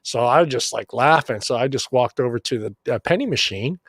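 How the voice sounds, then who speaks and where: A middle-aged man spins a story on a casual podcast. He is animated, swears often and acts out the other people's lines. His voice sits in a middle range and sounds dry and close. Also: mid-range voice, fairly quick, breathy edge, dry recording. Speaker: podcast co-host.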